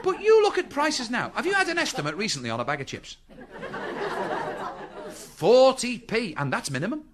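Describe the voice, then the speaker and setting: Stand-up comic, middle-aged man, high and bouncy voice, rattles along quickly. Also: wildly swooping pitch, a crowd in the background. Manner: chatty, quips to the audience with rhetorical questions. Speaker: stand-up comedian. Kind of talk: stand-up routine. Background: audience laughter.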